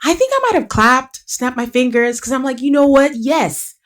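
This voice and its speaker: A woman hosting a podcast, recapping casually in a lively way, acting out quotes and laughing often. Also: sits high, moderate pace. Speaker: podcast host.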